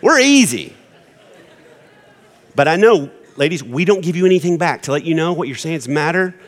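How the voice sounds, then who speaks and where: A middle-aged man preaching a sermon, animated and joking as he acts out quotes for a church congregation. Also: on the high side, fast. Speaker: pastor. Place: large church hall with congregation. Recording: long hall reverb.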